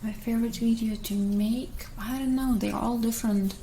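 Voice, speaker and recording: A young woman with a German accent and Russian as her first language, soft and hesitant in a whispered ASMR Q&A. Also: on the high side, fairly even intonation, a little hiss or hum, low-quality recording. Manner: soft, hesitant, many pauses. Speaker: ASMR creator.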